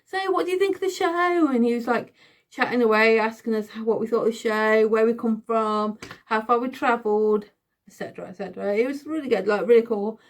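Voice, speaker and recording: A woman in her thirties, telling a storytime vlog in an excitable, giggly, chatty way. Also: fairly high pitch, fairly quick. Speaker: vlogger. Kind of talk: casual storytime.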